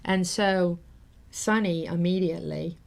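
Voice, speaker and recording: A woman's voice: fairly low pitch, steady tone, a little slow, creaky. A woman hosting a talk show, telling a personal story in an earnest, heartfelt, rambling way with many fillers. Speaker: host.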